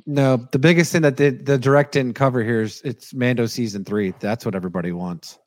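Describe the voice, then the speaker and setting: A man's voice: medium pitch, fairly quick, no echo. A man co-hosting a casual podcast, with a mid-range voice. He rambles and restarts, leaning on fillers. His mic is close and dry. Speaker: podcast co-host. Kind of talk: casual chat.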